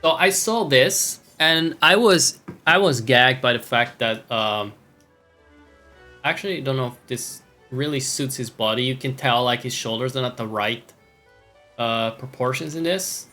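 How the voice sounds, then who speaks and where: A man talking over his gameplay in loose, rambling commentary full of jokey asides and self-mockery. His pitch sits in a middle range, and faint music plays under his voice. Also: unhurried, pushed and bright. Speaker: streamer.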